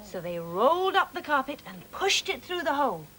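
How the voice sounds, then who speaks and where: A woman's voice: high-pitched, sing-song, normal speed, a bit bright, slight background noise, low-quality recording. A woman presenting a children's show, reading a storybook aloud expressively.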